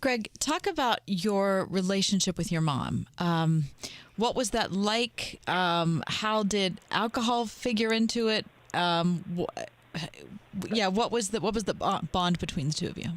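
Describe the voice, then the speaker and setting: Woman radio co-host, slow halting questions, lots of ums. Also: medium pitch, animated. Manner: hesitant, slow questioning with fillers. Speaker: radio talk show co-host. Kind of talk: interviewing a guest. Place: radio studio.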